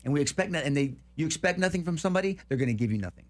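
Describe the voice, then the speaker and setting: A man's voice: a little high, expressive, very fast. A man co-hosting a talk show, giving a fervent, preachy monologue and repeating words as he gets worked up. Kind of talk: passionate opinion monologue.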